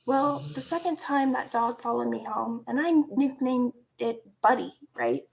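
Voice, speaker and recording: A woman of about forty tells a personal story in a slow, unhurried way, with a gravelly edge to her fairly high voice. She is animated and laughs often, and sometimes drops into hushed asides. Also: a little hiss or hum. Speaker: vlogger.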